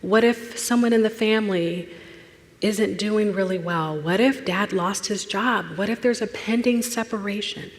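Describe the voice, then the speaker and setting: A woman, a therapist speaking at a church, telling a personal story and acting out the voices in it, dropping to a hush at tender moments. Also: mid-range voice, unhurried. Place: church sanctuary. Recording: long hall reverb.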